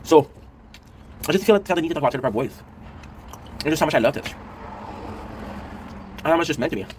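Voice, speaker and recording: Casting note: man in his thirties, quick-paced rambling host, emotional and sweary, faint hum behind. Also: fairly high pitch, expressive, a little mellow. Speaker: commentary show host. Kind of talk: casual chat to camera.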